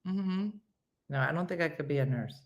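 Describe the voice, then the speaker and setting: A woman hosting a casual live chat and reading viewer comments, playful and animated, slipping into silly high voices and hushed whispers. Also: moderate pace, highs cut off. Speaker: host.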